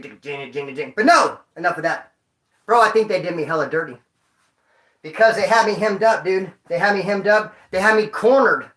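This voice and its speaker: A man's voice: high-pitched, sharp tone, roomy sound. A man vlogging, telling stories to his viewers in a rambling, profane way full of street slang. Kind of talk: casual storytelling to viewers.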